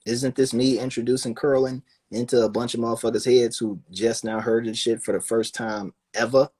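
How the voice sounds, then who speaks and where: A man with a husky, slightly breathy voice talking casually and profanely. He riffs loosely, jumping into quick acted voices of the people he describes. His pitch sits in an ordinary middle range. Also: level tone, a little mellow. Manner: profane, riffing, acts out quoted voices. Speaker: guest in conversation. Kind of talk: casual chat.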